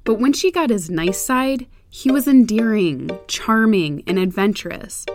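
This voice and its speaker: A woman narrator reading a scripted story in a measured, even way. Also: mid-range voice, soft background music.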